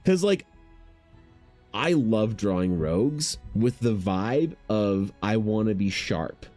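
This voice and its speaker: A man's voice: lowish voice, lively intonation, takes it slowly, darkish tone, faint music behind. A man artist chatting casually on a livestream, rambling and joking self-deprecatingly with his viewers. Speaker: artist streaming commissions.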